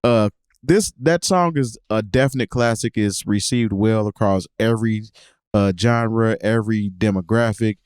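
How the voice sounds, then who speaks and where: A man's voice: fairly low pitch, unhurried, darkish tone, smooth, no echo, studio quality. A man co-hosting a hip hop podcast, giving mock-stern, opinionated rants in casual chat. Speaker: podcast co-host.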